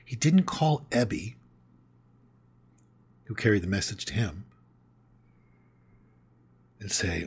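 A man's voice: fairly low pitch, big pitch swings, takes it slowly, long pauses, a little mellow, husky. A man hosting a podcast, reading a passage aloud and commenting on it in an earnest, conversational way.

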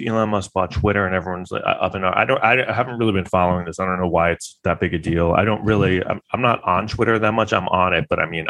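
Low-voiced man rambling sarcastically. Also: a bit bright. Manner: rambling, heavy use of filler words; sarcastic, incredulous. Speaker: vlogger giving trial commentary. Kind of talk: casual rambling commentary.

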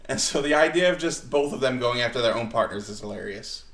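A man's voice: mid-range voice, fast talker, a bit bright, roomy sound. A man co-hosting a wrestling podcast, chatting casually and enthusiastically. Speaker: podcast co-host. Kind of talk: casual chat.

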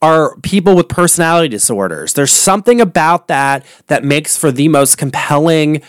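A man's voice: fairly high pitch, expressive, moderate pace, smooth, no echo, studio quality. A man hosting a solo podcast, chatting casually and gossiping animatedly about reality television, swearing freely. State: voice going hoarse. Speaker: podcast host. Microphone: studio podcast mic.

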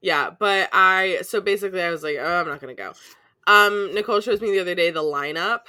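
A young woman co-hosting a casual chat podcast, trading dry quips and often dropping to a low mutter. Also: a little fast, sharp tone, no room sound. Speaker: podcast co-host.

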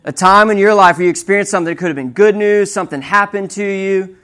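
A fast-talking young man with a high-sitting voice preaches in a conversational manner. Animated stories pour out, punctuated by frequent "right?" check-ins.

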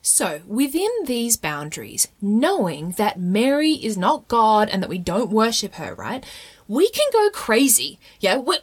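A woman explaining Catholic teaching in a casual, chatty monologue, full of "like" and frequent "okay?" and "right?" check-ins. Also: a little high. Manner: fillers of "like" throughout.

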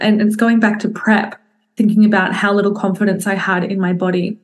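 A young fitness coach with a medium-pitched voice speaks candidly to her group on a video call, swearing casually and addressing her listeners directly.

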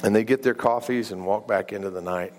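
During a sermon, a man preaching recounts a story, stumbling over starts, repeating words, and often letting his voice drop low and hushed. There's a little hiss or hum on the recording.

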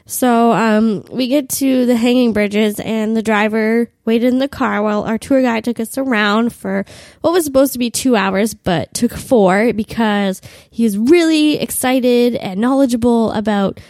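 A woman's voice: on the high side, a little slow, a little mellow, no room sound. Raunchy young woman with a cold. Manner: crude, self-mocking, lots of "like". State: has a cold. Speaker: podcast host. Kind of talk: comic storytelling.

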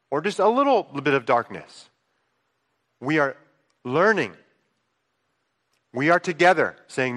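A man preaching in a church, his tone bright and forceful, set a little high for a man. He talks casually, telling stories, with quiet asides that burst into excited peaks. The long reverb of a big sanctuary hangs on every phrase. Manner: conversational storytelling, swings between hushed asides and excited outbursts. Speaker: pastor. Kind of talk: sermon. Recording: long reverb of a large hall.

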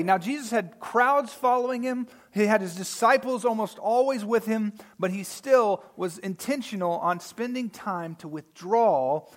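A man preaching a sermon in a conversational way, often checking in with his listeners and swinging between loud emphatic lines and quiet asides. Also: high voice. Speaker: pastor.

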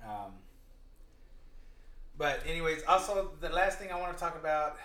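A man in his thirties co-hosting a podcast in casual chat, loud, slangy and jokey. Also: a little high, expressive, moderate pace, echoey room. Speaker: podcast co-host.

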